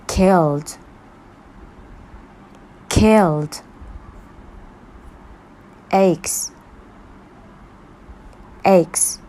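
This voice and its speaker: A woman with Arabic as her first language, teaching English by reading a story aloud and saying each vocabulary word twice, clearly and carefully. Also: mid-range voice, animated, extremely slow, long pauses, darkish tone, poor audio. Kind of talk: slow read-aloud English lesson.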